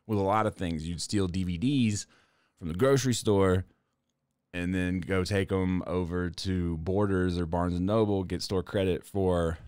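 Low-voiced, profane man telling stories. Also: steady tone, moderate pace, a little mellow, clean tone, dry recording, studio quality. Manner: profane, storytelling, laughs often. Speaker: podcast co-host. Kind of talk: casual chat.

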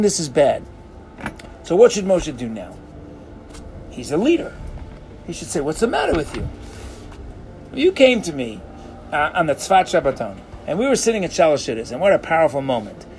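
A man teaches a Torah class with real animation, his fairly high voice leaping up and down as he acts out the people in the text. He slips Hebrew phrases into his talk, and a faint hum of room noise sits behind him. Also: a little mellow.

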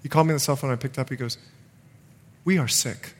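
A man's voice: mid-range voice, rapid-fire. A middle-aged male pastor preaching a sermon, telling a personal story with self-mocking humor and then leading a prayer. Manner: animated storytelling, laughs at himself, drops to quiet prayer.

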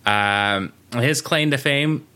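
Male podcast co-host, bright tone, chatty trivia delivery with lots of asides. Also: medium pitch, slow. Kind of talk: casual chat.

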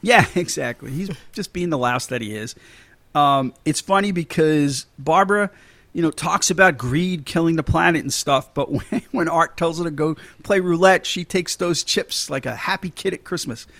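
A man talks through a film scene on a podcast in a loose, chatty way, full of "you know"s and quick laughs. His voice sits a bit high for a man. The sound is close and dry, with no room around it. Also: a bit bright, dry recording. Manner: chatty, laughs often, many fillers and restarts. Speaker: podcast host. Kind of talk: casual movie commentary podcast.

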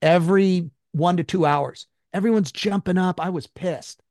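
A man, a guest in an interview, telling a personal story in an emphatic, high-strung way and swearing freely. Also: moderate pace, darkish tone, no room sound, studio quality.

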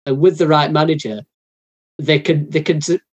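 A man's voice: on the high side, steady tone, normal speed, dull audio. A man hosting a casual football podcast, often repeating words as he thinks aloud. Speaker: podcast host.

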